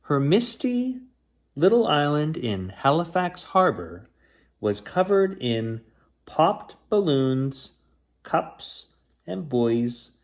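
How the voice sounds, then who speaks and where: A man reading a children's picture book aloud at bedtime. He reads slowly, and his voice rises and falls a lot to bring the story alive. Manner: slow, expressive reading with lively pitch.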